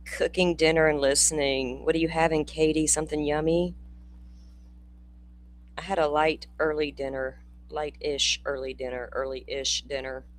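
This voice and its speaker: A woman's voice: low-pitched, little pitch movement, moderate pace, slight background noise. An older Florida woman, hosting a casual livestream and chatting with viewers by name, laughing and swearing freely. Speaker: true crime channel host.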